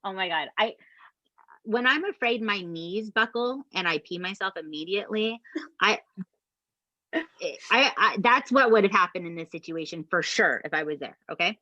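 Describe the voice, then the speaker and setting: A woman, co-hosting a podcast and retelling a true crime story in an animated, casual way that includes swearing. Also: medium pitch, normal speed, no echo, dull audio. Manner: animated, swears, addresses listeners as "you guys". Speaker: podcast co-host.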